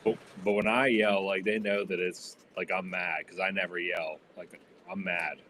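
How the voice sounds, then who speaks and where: Low voice guy, rambly casual chat, like like like, light background hiss. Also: fairly even intonation, moderate pace, pushed and bright. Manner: rambling, many fillers.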